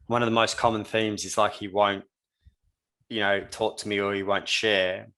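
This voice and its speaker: A man co-hosting a podcast as a coach, speaking in a steady, agreeable way. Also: lowish voice, normal speed. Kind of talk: casual chat.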